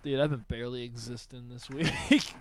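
A young adult man hosting a casual podcast chat, telling animated stories and swearing freely. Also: mid-range voice, a little fast. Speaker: podcast host.

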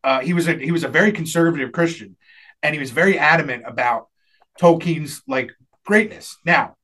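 A high-voiced man tells a long comic story in a loose, chatty way. He laughs often and slips into the voices of the people he quotes. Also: brisk, pushed and bright. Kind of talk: casual storytelling chat.

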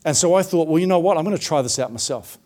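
A man's voice: a little high, expressive, fast talker, darkish tone. A middle-aged man preaching a sermon, telling his own story in a conversational way with frequent fillers.

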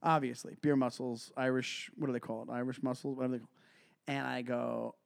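Animated man telling bar stories. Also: medium pitch, fairly quick, gravelly. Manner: animated storyteller, acts out quoted voices. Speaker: podcast co-host. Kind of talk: casual comedic chat.

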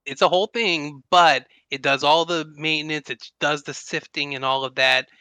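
Man, podcast co-host, easygoing, very bright voice, dry sound. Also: on the high side, fairly even intonation, moderate pace, clear, resonant tone, dry recording. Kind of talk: casual podcast chat.

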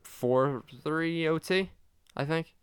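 A man's voice: a little high, slow pace, clear, resonant tone, no echo, clean studio sound. A young man co-hosting a casual sports podcast, talking bluntly and ranting about calls. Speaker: podcast co-host.

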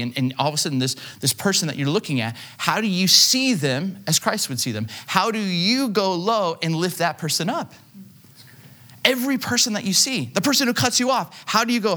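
Here a pastor's sermon is loose and chatty, full of fillers and stories that poke fun at himself. He speaks briskly in a high, expressive, sharp-toned voice.

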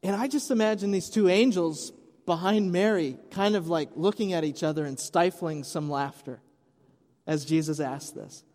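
A man's voice: high-pitched, normal speed, darkish tone. A man preaching an Easter sermon as pastor, retelling the story conversationally with light humor. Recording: long hall reverb.

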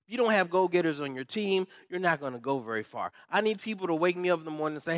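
A pastor preaching a lively sermon, jumping from loud pumped-up exhortation to quiet asides and acted-out voices. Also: male voice, a little high, fast talker, few pauses, no room sound, studio quality. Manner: animated, swings from loud pumped-up shouting to quiet asides, acts out quoted voices.

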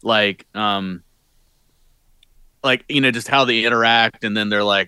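A man's voice: on the low side, fairly even intonation, unhurried, long pauses, pushed and bright, smooth, no echo. A man co-hosting a podcast, joking around in crude, casual banter. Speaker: podcast co-host. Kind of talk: casual chat.

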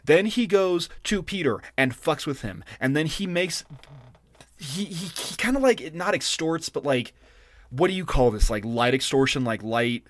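A man's voice: fairly high pitch, animated, normal speed, dry recording. A man co-hosting a podcast, ranting and swearing in exasperated casual chat. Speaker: podcast co-host.

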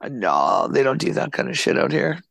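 A man's voice: mid-range voice, very animated, moderate pace, vocal fry, a bit bright, no room sound. A man hosting a podcast, chatting casually and enthusiastically and swearing freely as he talks. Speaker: podcast host. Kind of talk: casual chat. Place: Nova Scotia home recording.

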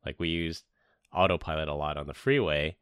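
A man's voice: extremely low pitch, steady tone, fairly quick, a bit bright, clean tone, dry recording, clean studio sound. A man from Northern California co-hosting a podcast, explaining things in a plain, matter-of-fact way. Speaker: podcast co-host. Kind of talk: casual chat.

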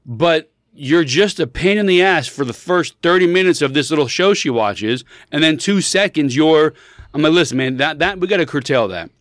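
A man in his thirties with a fairly high voice talks in casual podcast chat. He tells stories with energy and acts out the quotes in changing voices. The recording is close and dry. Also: normal speed, dry recording. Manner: animated storyteller, acts out quotes in shifting voices. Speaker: podcast co-host.

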